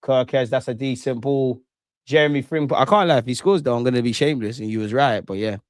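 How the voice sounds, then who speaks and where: This young man hosts a football watch-along stream, talking quickly in a medium-pitched voice over a clean, dry studio recording. He's excitable and full of banter and trash talk, giving casual live commentary while chatting with viewers.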